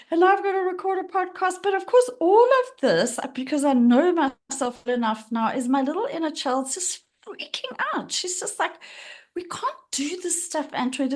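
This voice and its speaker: A middle-aged woman talking frankly and emotionally about her own struggles as a guest on a podcast, often laughing as she speaks. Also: high voice. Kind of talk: candid personal conversation.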